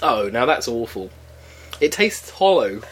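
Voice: mid-range voice, very animated, measured pace, slight background noise. A podcast co-host, chatting casually and playfully with dry jokes and frequent laughs. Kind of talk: casual chat tasting beer.

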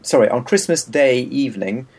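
A man telling stories in casual chat, with wry, deadpan, mock-formal phrasing. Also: medium pitch, moderate pace, husky.

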